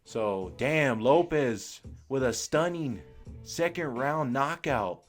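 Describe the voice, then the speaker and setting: A young man doing live fan commentary on a boxing match, excited and slangy, full of exclamations. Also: medium pitch, slow, soft background music.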